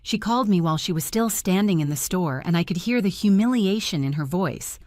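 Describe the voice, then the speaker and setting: Calm, firm older woman narrating. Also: on the low side, brisk, few pauses, dry recording, studio quality. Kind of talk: scripted first-person story narration.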